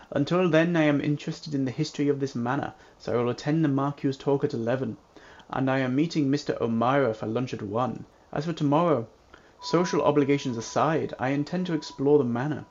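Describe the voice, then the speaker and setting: A man reading the lines of a composed young woman guest at a manor, in her early thirties, in a formal, polite and measured way. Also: mid-range voice, darkish tone, close to an everyday voice. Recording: dull lo-fi with faint hiss.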